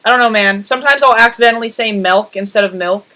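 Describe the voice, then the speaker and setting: A man's voice: very high-pitched, fast talker, pushed and bright, a little hiss or hum, rough recording. A man hosting a casual voice call, rambling playfully and stretching his words. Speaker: YouTuber host. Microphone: computer mic on voice call.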